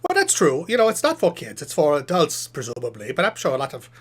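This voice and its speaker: A man voicing a chatty, self-satisfied male puppet professor who hosts a live stream, reading chat questions aloud and rambling through them with deadpan jokes. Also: a little high, quick pace, slightly rough, exaggerated voice.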